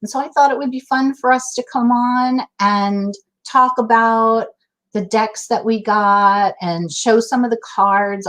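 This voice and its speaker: A woman hosting a casual live-stream chat, chatty and laughing as she greets viewers by name. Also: medium pitch. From Massachusetts, USA. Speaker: host.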